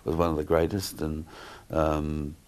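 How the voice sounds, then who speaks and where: A middle-aged man talks in a very low voice. He wanders through his stories, stopping and restarting often with plenty of ums. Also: completely flat delivery, a little slow, darkish tone. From New Zealand. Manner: rambling, many fillers and restarts. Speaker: guest entertainer. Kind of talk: casual interview chat.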